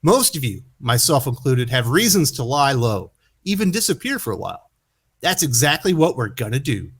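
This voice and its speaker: A man reading the lines of a commanding male superhero leader aloud in a lively voice, close to his own way of talking. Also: mid-range voice, normal speed, slightly rough.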